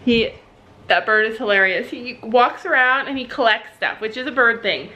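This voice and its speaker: A woman's voice: a little high, normal speed, pushed and bright. A woman chatting casually in a family vlog, talking to viewers and her pet bird. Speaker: family vlogger. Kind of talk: casual vlog chat to camera.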